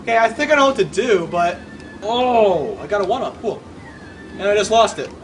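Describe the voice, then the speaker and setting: A man commenting on his own gameplay, excitable and quick to yelp and shout whenever he fails. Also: sits high, a little hiss or hum. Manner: excitable, yelps and shouts at failures. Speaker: gamer.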